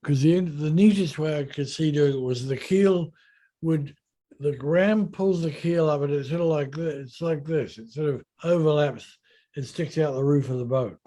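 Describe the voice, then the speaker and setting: A man, a yacht designer in an interview, telling a story in a relaxed, unhurried and self-deprecating way. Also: a little high.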